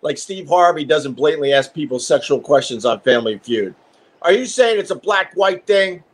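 A middle-aged male host chatting on a live stream from his home. He rambles along in a slightly higher voice than most men, salty and wired. His talk is loose and profane. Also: animated, normal speed. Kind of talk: casual live-stream chat.

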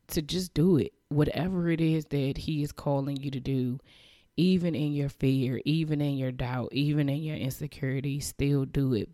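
A woman's voice: extremely low pitch, dark tone, dry recording, clean studio sound. A woman hosting a faith podcast, talking in an earnest, emotional way, often repeating herself and sighing as she gives thanks. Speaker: podcast host. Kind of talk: heartfelt faith-based podcast monologue.

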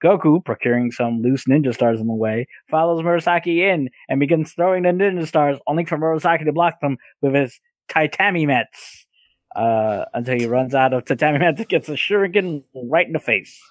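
A man's voice: on the high side, fairly quick, no echo. Hesitant male podcaster recapping a plot. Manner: hesitant, many fillers and restarts. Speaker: podcast co-host. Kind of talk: casual recap narration.

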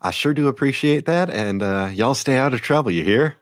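A man's voice: mid-range voice, expressive, a little fast, dry recording, clean studio sound, pitched above the performer's own voice, natural voice. A man voicing a polite, flustered woman police officer with a put-on who repeats words as she hesitates.

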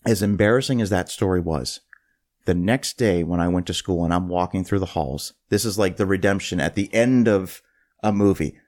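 Male host, casual storyteller, lower register, stumbles and restarts. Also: moderate pace. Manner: animated, restarts phrases. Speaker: podcast host.

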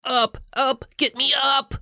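A man voicing a nervous male adventurer lowered into a cave, in a storybook reading. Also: little pitch movement, slow, pushed and bright, dry recording, clean studio sound, exaggerated voice. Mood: panicked. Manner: jumpy, nervous. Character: jittery male adventurer dangling on a rope.

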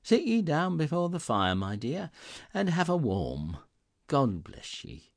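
A man's voice: fairly high pitch, huge pitch swings, slow pace, gravelly, pitched above the performer's own voice, heavily acted. A man reading aloud, putting on the voice of a fussing, affectionate Victorian mother. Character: motherly bustling poor Victorian wife.

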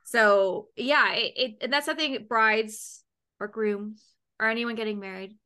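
Bright-voiced bubbly young woman host. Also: a little high. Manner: bubbly, quick asides, repeats words when starting. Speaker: podcast host. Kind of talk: casual chat.

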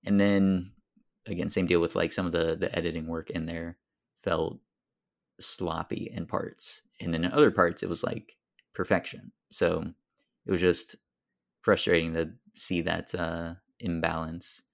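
A man with a deep, gravelly voice talks through a film on a podcast. He pauses often and fills gaps with "um" and "like" as he works out his thoughts. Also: flat delivery. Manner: thoughtful, hesitant, many fillers. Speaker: podcast co-host. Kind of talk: casual film discussion.

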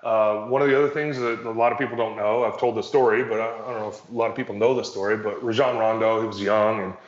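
Low-voiced man telling rambling stories. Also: steady tone, fast. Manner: rambling, self-correcting, wry humor. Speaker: former pro basketball player as guest. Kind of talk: casual storytelling on a podcast. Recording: roomy, slightly dull sound.

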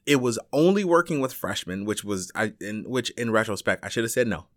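A man's voice: brisk, no echo, studio quality. A man from Chicago, a teacher, telling a personal story in casual talk, full of fillers, restarts and the odd swear word. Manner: rambling and animated, with frequent fillers, restarts and swearing; acts out other people's lines with big jumps in pitch.

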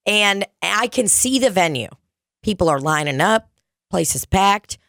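A woman's voice: medium pitch, measured pace, creaky, no echo. A woman in her twenties chats casually on a podcast, swearing freely and jumping into voices as she tells her stories. The sound is dry and close, with no room around it. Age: 20s. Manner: animated storytelling, heavy swearing, acts out voices. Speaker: comedian podcast co-host. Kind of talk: casual chat.

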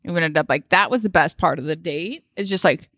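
A woman co-hosting a podcast, chatting casually and telling stories in an animated, chatty way. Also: low voice, a little fast, no room sound, clean studio sound. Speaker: podcast co-host. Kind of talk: casual chat.

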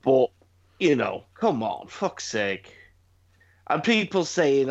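A man on a podcast ranting bluntly with plenty of swearing. His voice sits at an ordinary pitch. The sound is a touch dull and lo-fi. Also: very animated, slow, vocal fry, long pauses. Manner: profane, ranting. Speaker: podcast co-host. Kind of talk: casual chat.

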